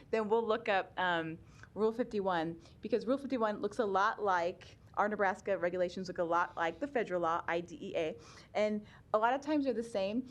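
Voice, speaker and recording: A middle-aged woman in a legislative hearing, explaining special education rules in a chatty way with frequent laughs and fillers. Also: mid-range voice. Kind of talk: conversational testimony.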